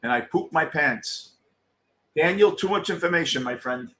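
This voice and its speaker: A middle-aged man hosts a postgame show, talking casually to viewers and reacting bluntly and excitably to a live game, swearing freely. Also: on the high side, moderate pace, a little hiss or hum.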